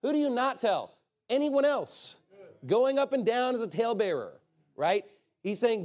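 A man's voice: high voice, lively intonation, brisk, darkish tone. A man preaching a sermon in an emphatic, conversational way, often asking rhetorical questions.

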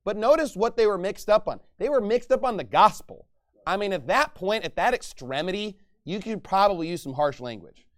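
A man's voice: sits high, lively intonation, a little fast. A man preaching a sermon, reading verses and explaining them with emphatic, rising delivery. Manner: emphatic, rising to loud bursts when acting out angry speech.

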